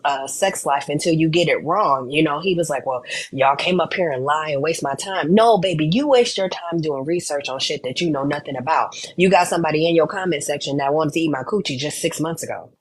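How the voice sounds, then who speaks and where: A woman's voice: sits low, slightly rough. A woman hosting a live stream in a casual, rambling and blunt way, a little out of breath, talking into a headphone mic. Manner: rambling, blunt, many fillers. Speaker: host of a live show.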